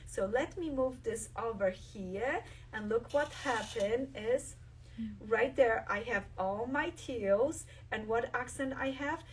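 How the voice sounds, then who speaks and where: Enthusiastic quilting host, a bit off-mic. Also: female voice, fairly high pitch, takes it slowly, distant mic, slight background noise. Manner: enthusiastic, shows fabrics while talking. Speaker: quilt designer hosting a live stream. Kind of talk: live craft demonstration.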